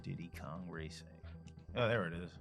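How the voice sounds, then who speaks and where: A man co-hosting a retro game playthrough, chatting and swearing with animated energy. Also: deep voice, moderate pace, gravelly, loud music behind the voice. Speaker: co-host playing retro games. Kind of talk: casual gaming banter.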